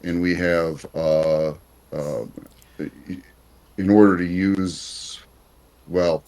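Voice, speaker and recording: A man's voice: deep voice, fairly even intonation, extremely slow, darkish tone. A man chatting as a player in a tabletop game, thinking aloud. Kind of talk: casual chat at a game table.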